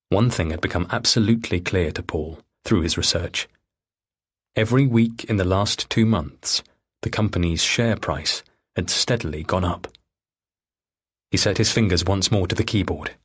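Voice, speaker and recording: A man reads a thriller audiobook in a steady, measured way. His voice sits low and sounds breathy and husky. The narration is scripted and even.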